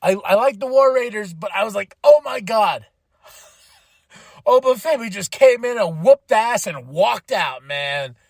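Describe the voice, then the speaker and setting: Man, podcast host, high voice, dry close sound, excitable, laughs often, casual swearing recap. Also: unhurried, gravelly, no room sound.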